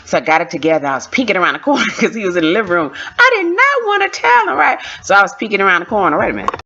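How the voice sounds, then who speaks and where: A woman in her thirties telling a personal story in a casual, animated way, repeating phrases for effect and often laughing. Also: fairly low pitch, racing, breathy edge. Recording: dull lo-fi recording.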